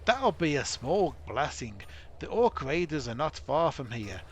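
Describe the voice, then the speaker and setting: A man voicing a weary male dwarf survivor in a rough put-on accent, dramatically retelling a disaster. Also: a little high, big pitch swings, measured pace, a little hiss or hum. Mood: dramatic.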